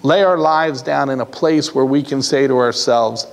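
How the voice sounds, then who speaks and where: A pastor delivers a sermon in an earnest, repetitive way, pausing and restarting as he builds his points. His voice sits at an ordinary middle pitch for a man. The sound carries a long reverb, as in a large hall. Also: creaky.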